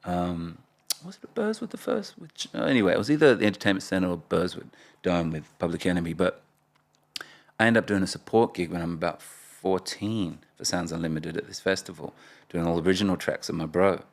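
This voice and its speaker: A man, speaking in a very low voice with a rough, gravelly fry. He is a guest in a casual interview and tells his stories with animation, often breaking into laughter. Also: brisk. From Australia (Perth). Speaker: guest, rapper.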